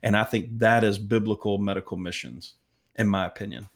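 Earnest low-voiced man. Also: fairly even intonation. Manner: earnest, halting with fillers. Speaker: medical missions guest. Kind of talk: storytelling interview.

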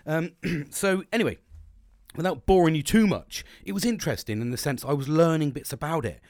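A man's voice: a little high, brisk, a little mellow, no room sound, studio quality. A young man hosting a podcast, talking bluntly and rambling, with plenty of swearing. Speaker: podcast host. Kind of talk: candid solo podcast monologue.

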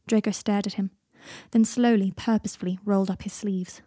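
A woman reading a fan-written story aloud in calm, even audiobook narration. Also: medium pitch, fairly quick, hardly any pauses, slightly rough, no room sound, clean studio sound. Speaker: fan fiction reader.

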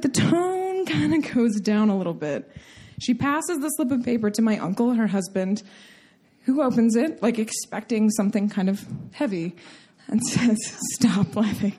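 Woman storyteller, bright high voice, lively and giggly delivery. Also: moderate pace. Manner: animated, laughing through the story. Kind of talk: comic personal storytelling.

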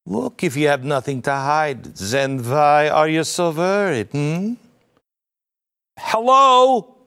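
A taunting, sneering voice in a put-on German accent, as a man mocks a German speaker. It jumps up high and gets louder, and sounds a bit off-mic. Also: animated, slow pace, clean tone, big-room sound, exaggerated voice. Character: mocking impression of a German man.

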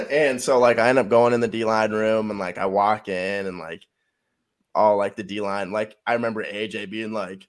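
A young college football player tells a long story in a casual, rambling way, swearing a lot and filling it with fillers. His voice is fairly low-pitched and he talks at a normal speed.

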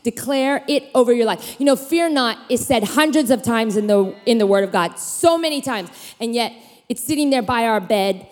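A woman in her thirties preaches a lively sermon in a fairly high voice. She tells stories from her own life and acts out the voices in them, often leaping up in pitch. Her voice carries a long reverb, as in a large church hall. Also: normal speed.

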